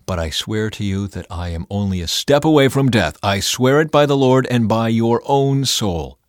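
A man with a fairly low voice reads scripture in a measured, earnest way, speaking the dialogue as well as the narration. The sound is dry and close, with no room around it. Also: animated, no echo. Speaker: scripture reader. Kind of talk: scripted Bible reading.

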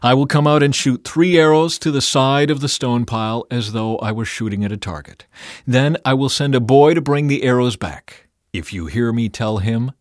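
A man giving a measured, earnest reading of a Bible passage, speaking both the narration and the dialogue. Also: medium pitch, no room sound, clean studio sound. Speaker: scripture reader.

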